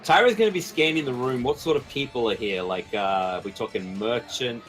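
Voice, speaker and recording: A man chatting as a player in a tabletop role-playing game, playful and quick to joke. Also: medium pitch, a bit bright, soft background music, poor audio. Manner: playful, slips into a haughty noble voice. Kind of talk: casual tabletop game chat.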